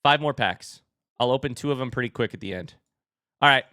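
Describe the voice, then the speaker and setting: A young man live-streaming as he opens card packs and chats with viewers, turning excitable and hyping each reveal. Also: fairly quick, smooth, no room sound, studio quality. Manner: excitable, bursts into high shouts; hype commentary.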